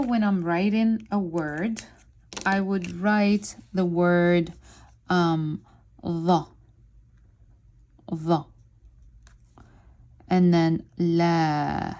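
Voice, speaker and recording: Slow, deliberate woman teaching Arabic. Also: mid-range voice, mellow. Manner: slow and deliberate, sounding out syllables. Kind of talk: spoken lesson while writing on a board.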